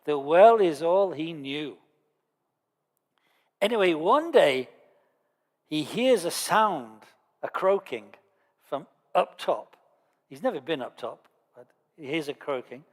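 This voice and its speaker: A man's voice: a little high, animated, slow, pauses often. Male Buddhist teacher in a reverberant hall. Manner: conversational storyteller with dry humour. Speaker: Buddhist lama teaching a course. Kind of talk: Dharma teaching lecture.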